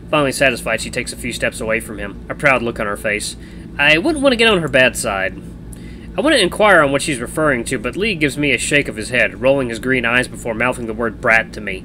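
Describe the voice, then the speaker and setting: Animated man reading a visual novel. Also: mid-range voice, fast talker, slight background noise, poor audio. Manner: animated reading with changing voices. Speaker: game streamer.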